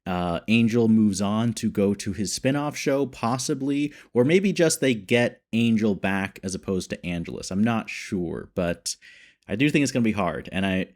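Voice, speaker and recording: A man hosting a reaction video, chatting casually and excitedly as he thinks aloud. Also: lowish voice, normal speed.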